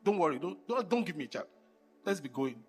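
Male pastor, high animated voice, hushed to loud, music behind. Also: fairly quick. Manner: impassioned, swings between hushed and loud. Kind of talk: sermon with sung worship.

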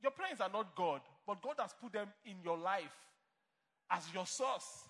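A pastor preaches a sermon to his congregation, speaking emphatically and acting out imagined replies in mock dialogue. His fairly bright voice sits high with lively intonation at a moderate pace, echoing in a large hall.

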